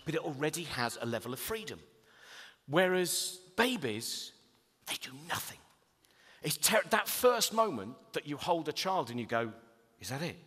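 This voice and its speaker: Animated man telling comic stories. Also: fairly high pitch, normal speed, husky. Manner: animated, acts out voices, rising to loud laughing bursts. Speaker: comedian giving a talk. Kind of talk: comic storytelling talk. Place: stage in a lecture hall. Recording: long reverb of a lecture hall.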